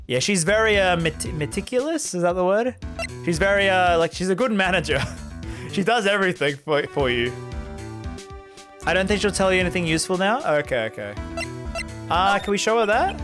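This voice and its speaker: A man's voice: high-pitched, animated, a little fast, pauses often. Laughing, rambling male streamer. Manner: rambling, laughing, talks to chat. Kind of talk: live game stream commentary. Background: game music.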